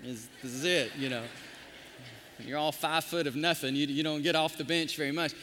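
A man pastor preaching a sermon, telling stories in an animated, emotional way. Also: a little high, normal speed, long reverb tail, a little hiss or hum. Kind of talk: sermon with storytelling. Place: church sanctuary.

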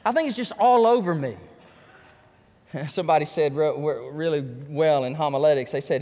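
High-voiced preacher in a reverberant church. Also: male voice, normal speed. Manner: fervent preaching that repeats words and builds to shouts. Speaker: pastor. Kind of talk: sermon. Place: church sanctuary. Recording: long reverb of a church hall.

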